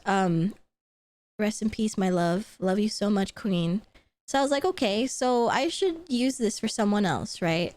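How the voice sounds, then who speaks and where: With a mid-range voice and no echo, a young streamer chats casually on a live stream, effusive and excitable, frequently laughing and swearing freely.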